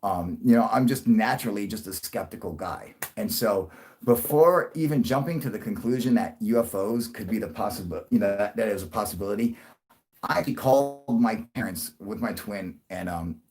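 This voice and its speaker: A young man telling a long story to his livestream viewers, rambling and swearing, with many restarts and sudden loud bursts. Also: expressive, normal speed. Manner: rambling, profane, restarts a lot, jumps into loud high bursts for quoted voices. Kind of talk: casual storytelling to a live audience.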